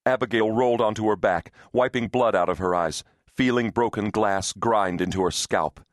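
A man with a fairly low voice narrating a thriller audiobook. He reads in a steady, tense storytelling manner. The recording is dry and close, with no room sound. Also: moderate pace, no echo.

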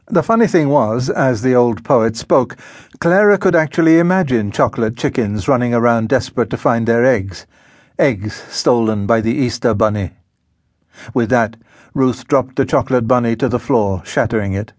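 A man narrating an audiobook in a measured, unhurried storytelling manner. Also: medium pitch, a little mellow, no echo, clean studio sound. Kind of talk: scripted narration. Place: recording studio.

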